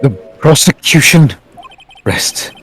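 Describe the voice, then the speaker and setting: A cool, composed prosecutor who speaks in measured, deliberate phrases, as a man dubs him for a game. His pitch shifts freely, and faint music sits behind him. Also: lively intonation, fairly bright tone. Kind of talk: fan voice dub of a game.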